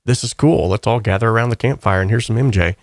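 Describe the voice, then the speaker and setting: Male host, low gravelly voice, dry close sound, casual rambling comment-reading. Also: fast talker, dry recording. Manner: rambling, relaxed, upbeat. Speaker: channel host.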